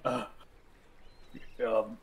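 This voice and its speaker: A man playing a tabletop game, answering in a halting, hesitant way. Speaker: player.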